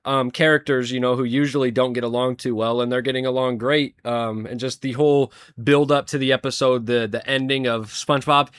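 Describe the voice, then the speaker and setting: A man's voice: mid-range voice, fairly even intonation, fairly quick, hardly any pauses, smooth, dry recording. A young man casually ranking cartoon episodes, rambling and swearing freely with frequent chuckles. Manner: rambling, profane, chuckles often. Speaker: show reviewer. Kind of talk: casual commentary.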